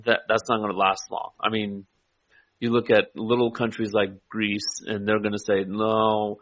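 A man in a casual political chat, talking in a measured, hedging way. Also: lowish voice, flat delivery, a bit bright. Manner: measured, hedging, frequent "I mean" and "right?". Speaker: co-host. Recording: dull lo-fi audio.

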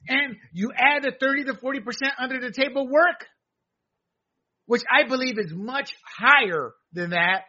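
A man from the United States ranting through a combative political monologue. His voice sits high and bright with a husky grain. The recording sounds dull and lo-fi. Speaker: political commentary host.

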